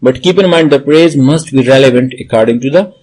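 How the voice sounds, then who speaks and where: A man's voice: medium pitch, brisk, darkish tone, a little hiss or hum, poor audio. A man explaining speaking-exam tips as a tutor, hesitant and full of "uh, means" fillers, restating each point. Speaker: IELTS tutor.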